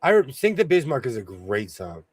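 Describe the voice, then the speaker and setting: A man's voice: mid-range voice, big pitch swings, moderate pace, slightly rough, no room sound. A man hosting a sewing livestream in casual chat, playful, breaking into bits of song and laughter.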